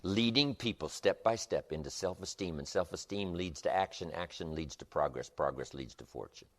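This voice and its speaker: A man's voice: low-pitched, normal speed, fairly bright tone. A man giving a motivational seminar lecture with an emphatic, repetitive rhythm. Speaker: motivational speaker.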